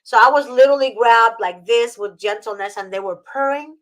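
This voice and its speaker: A woman's voice: a little high, fairly quick, low-quality recording. A woman from Egypt chatting casually as host, emotional and gushing, with many fillers and restarts. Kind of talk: casual video-call chat.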